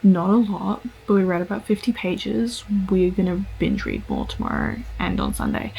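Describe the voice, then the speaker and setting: A young woman talking to her camera at home in a casual reading vlog, excitable and gushing, swearing casually. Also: mid-range voice, normal speed, vocal fry, poor audio. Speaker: book vlogger. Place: at home indoors. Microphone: camera mic.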